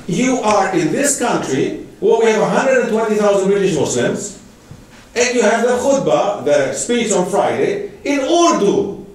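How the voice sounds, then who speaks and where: A man's voice: high-pitched, big pitch swings, a little slow, a little hiss or hum. A man giving a public lecture, emphatic and full of rhetorical questions. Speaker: guest lecturer. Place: lecture hall. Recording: echoey hall from far off.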